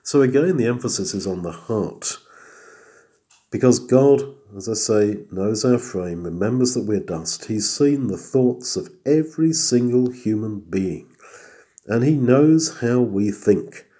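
A man's voice: mid-range voice, animated, a little slow, dark tone. A man preaching an expository sermon, reading scripture aloud and then explaining it earnestly. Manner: acts out inner thoughts in a chatty aside voice.

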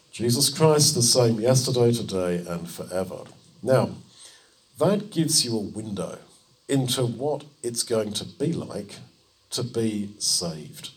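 Husky preacher, animated storytelling. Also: male voice, mid-range voice. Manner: animated storytelling, acting out dialogue in quick voices. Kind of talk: sermon.

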